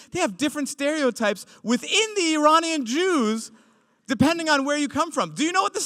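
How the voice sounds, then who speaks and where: A man performing stand-up comedy, animated and swinging between loud punch lines and quiet asides. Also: extremely high pitch, no room sound, clean studio sound.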